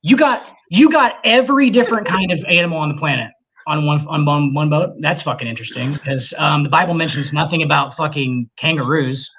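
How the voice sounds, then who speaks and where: A man on a casual podcast who rants in a husky, slightly rough voice. He swears constantly and presses his points with animated emphasis. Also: a little high, a little fast. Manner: profane, ranting, animated. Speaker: podcast co-host.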